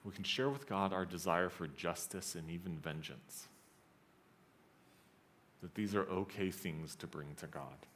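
A man preaching a sermon as pastor, speaking earnestly and conversationally. He acts out scripture lines with rising intensity and drops to a soft, low voice on somber passages. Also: measured pace, pauses often, a little hiss or hum.

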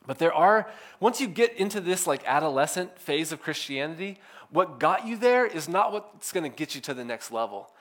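A man in his thirties preaching a sermon as a pastor, in a relaxed, conversational way that is full of "like" fillers. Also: a little high, normal speed. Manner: casual, filler-heavy with frequent "like".

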